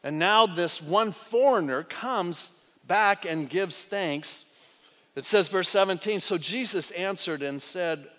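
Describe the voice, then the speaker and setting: A man preaches in a high, slow, deliberate voice, rising into loud cries and dropping to near hushes. His words ring out with a long reverb, as in a church sanctuary. He leans hard into each phrase as a pastor does. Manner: dramatic, swings from loud cries to hushed lines. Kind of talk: sermon.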